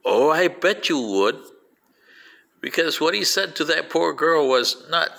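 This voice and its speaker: A man, a Spanish speaker by birth, tells stories to an audience and keeps turning to them with direct asides. His voice is bright and edged, and it leaps upward whenever he stresses a point. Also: unhurried, creaky. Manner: animated, pitch jumping on emphasis; addresses listeners directly with asides. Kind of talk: storytelling talk.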